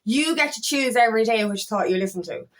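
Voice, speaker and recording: A woman with a fairly high voice speaks quickly in a motivational vlog as an empowerment life coach. She is emphatic and blunt, swears often, and acts out her inner voices.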